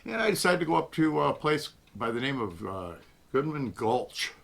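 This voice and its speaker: A man's voice: medium pitch, very animated, normal speed, creaky, fairly bright tone. An older man hosting his own channel, telling a rambling folksy story in a casual reminiscing way and chuckling often. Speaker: host.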